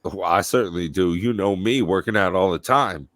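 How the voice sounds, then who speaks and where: A man's voice: low-pitched, normal speed, fairly bright tone, no echo. A man hosting a comedy podcast interview, playing along in a mock-earnest way. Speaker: podcast host.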